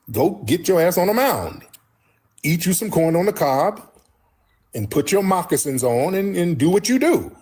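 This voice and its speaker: A man's voice: fairly high pitch, a little mellow, slightly rough. A man streaming a ranting commentary, exasperated and mocking, with sighs.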